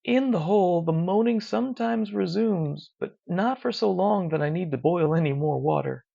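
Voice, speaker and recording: A narrator reading a dark first-person horror story in a slow, measured, hushed way. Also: mid-range voice. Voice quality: gravelly. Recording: dull lo-fi recording.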